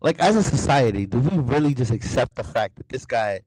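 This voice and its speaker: A man's voice: mid-range voice, lively intonation, fairly quick, darkish tone, breathy edge, no room sound. A young man hosting a political talk show, ranting heatedly with constant swearing and stammered restarts. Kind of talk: heated profane political rant.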